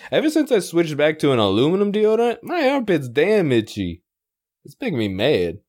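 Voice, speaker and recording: A man's voice: a little high, wildly swooping pitch, normal speed, darkish tone. A man co-hosting a podcast in casual comedic chat, laughing often between lines. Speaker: podcast co-host.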